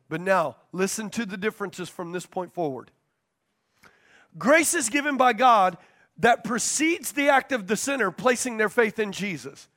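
High-voiced man preaching with emphasis. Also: fairly bright tone. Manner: emphatic, repeats key points and checks in with the congregation. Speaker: pastor. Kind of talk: sermon teaching.

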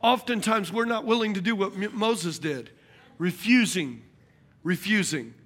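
A man's voice: sits high, measured pace. A man preaching a sermon, telling a funny story and calling out to the congregation. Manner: animated, jokey, calls out to the congregation.

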